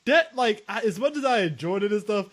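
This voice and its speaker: A man co-hosting a casual podcast chat, animated and swearing freely, quoting people as he tells stories. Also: sits high, a little fast. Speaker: podcast co-host.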